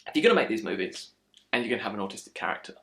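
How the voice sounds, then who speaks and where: A man's voice: on the low side, sing-song, racing, gravelly, fairly bright tone. A man giving a casual, frustrated film critique, slipping into mocking impressions. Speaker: film reviewer.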